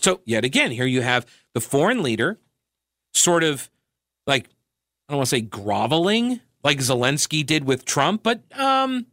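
A man from New York hosting a political talk radio show, delivering a sarcastic monologue. His voice sits somewhat high, and he talks in a loose, conversational way, breaking into asides and correcting himself. The studio sound is dry and close. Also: sing-song, moderate pace, a bit bright, dry recording.

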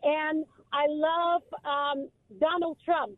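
A woman with a Russian accent and a high voice calls in over a thin, tinny phone line. She talks effusively, piling on praise and cutting in with "listen". The sound is dry and close. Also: flat delivery, slow pace, no room sound. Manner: effusive, keeps saying "listen". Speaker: caller. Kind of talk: call-in radio chat.

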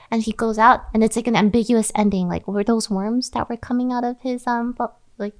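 A woman's voice: fairly high pitch, steady tone, brisk. A woman on a podcast, rambling and laughing as she makes up a strange story in casual chat. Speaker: podcast co-host.

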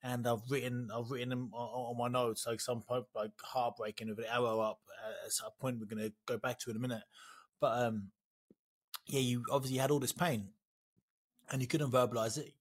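A man's voice: medium pitch, little pitch movement, brisk. A man hosting an interview podcast, emotional and sympathetic, often repeating words as he talks. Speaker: podcast host.

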